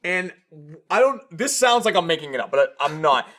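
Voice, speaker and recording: A man's voice: fairly high pitch, very animated, a little fast, fairly bright tone. A man co-hosting a podcast, telling stories in a casual, rambling way with lots of swearing and filler words. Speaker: podcast co-host. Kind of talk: casual storytelling chat.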